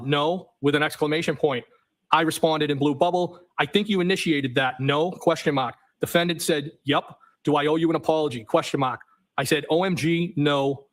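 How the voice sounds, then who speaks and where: A man on the witness stand, reading text messages aloud in a matter-of-fact way and saying the punctuation marks out loud. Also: fairly high pitch, poor audio. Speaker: trial witness.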